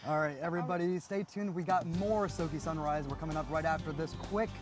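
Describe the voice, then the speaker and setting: An energetic host of a live morning show, talking outdoors at an animal park in light rain. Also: medium pitch, a little fast, over music. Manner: energetic, laughing easily. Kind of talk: live on-location chat.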